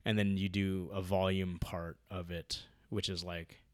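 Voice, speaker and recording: A man chatting casually about his training, rambling with lots of fillers and getting loud when excited. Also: sits low, unhurried, dry recording, studio quality. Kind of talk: casual podcast chat.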